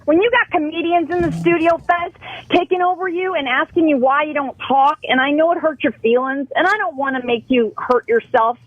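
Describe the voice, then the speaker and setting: A woman's voice: high-pitched, brisk, no room sound, highs cut off. A woman calling in to a radio talk show, pleading and scolding with passion. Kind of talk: heated call-in confrontation.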